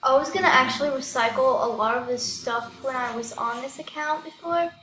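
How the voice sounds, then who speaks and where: A young woman talking through a computer game at home, excitable and giggly, filling her talk with "like". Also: high-pitched, brisk, echoey room, soft background music, poor audio. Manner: excitable and giggly, heavy use of "like". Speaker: game video creator. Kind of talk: casual gameplay commentary.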